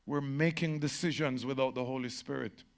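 A man preaches to a congregation as their pastor, using emphatic repetition that shifts from shouted peaks to slow, low phrases. His intonation is fairly even overall.

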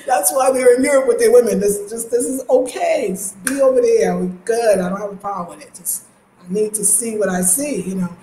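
A woman in her fifties with an African American accent, talking in an animated, emphatic way as a lifestyle channel host, with laughs and casual swearing. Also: on the high side, moderate pace, roomy sound, slight background noise, rough recording. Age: 50s. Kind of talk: casual monologue.

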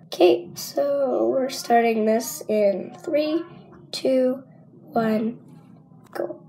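A woman hosting a reaction video in casual chat with viewers, giggly and full of fillers, her voice a little rough from being sick. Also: high voice, extremely slow, warm tone, low-quality recording. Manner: giggly and chatty, many fillers.

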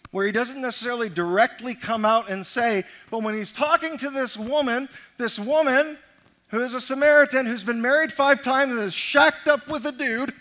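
Male pastor, high bright tone, emphatic sermon delivery with dramatic quiet-loud swings. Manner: acts out quoted lines in changed voices.

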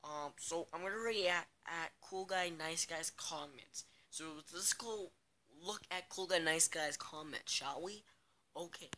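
A woman's voice: on the low side, a little slow, sharp tone, poor audio. A young woman YouTuber rambling casually and reading comments aloud on a phone recording. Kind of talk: casual reaction video. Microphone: phone screen recorder. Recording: music playing underneath.

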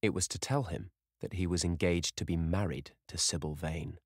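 Man, very low voice, measured audiobook narration, dry close sound. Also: slightly rough, dry recording. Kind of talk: scripted narration.

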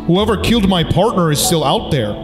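A man's voice: high voice, animated, a little fast, echoey room, in a large hall, over music. A man voicing a tough cop in a put-on Canadian accent, giving a dramatic monologue. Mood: brooding.

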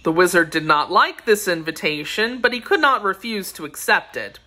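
A woman narrating a children's storybook aloud in a clear, even storytelling manner. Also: on the low side, moderate pace. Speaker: audiobook narrator.

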